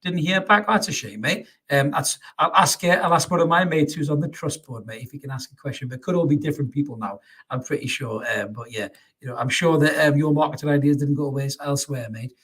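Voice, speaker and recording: A man's voice: fairly high pitch, quick pace, fairly bright tone, husky. A man hosting a live fan stream, chatting through viewer comments and calling everyone mate. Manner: chatty, calls everyone mate, many restarts. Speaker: fan channel host.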